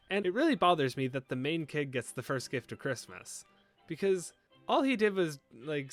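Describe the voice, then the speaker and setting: A man's voice: high voice, a bit bright. A young man hosting a casual commentary video, rambling and joking with mock-indignant asides.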